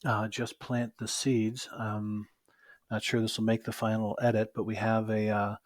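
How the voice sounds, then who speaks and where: A man's voice: fairly low pitch, monotone, normal speed, no echo. A man hosting a podcast interview, talking hesitantly with many fillers. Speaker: podcast host. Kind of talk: casual conversational interview.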